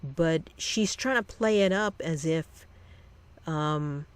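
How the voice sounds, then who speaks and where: Channel host rambling through a story, keeps restarting sentences, middle pitch. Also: clear, resonant tone. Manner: rambling, halting delivery with frequent restarts. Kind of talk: personal storytelling monologue.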